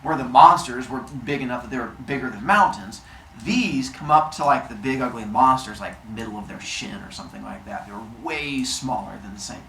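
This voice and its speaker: A man's voice: medium pitch, brisk, a bit bright, reverberant, distant mic, slight background noise. A man telling a myth with playful, jokey asides to a live audience. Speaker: storyteller. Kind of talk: comic myth storytelling to an audience.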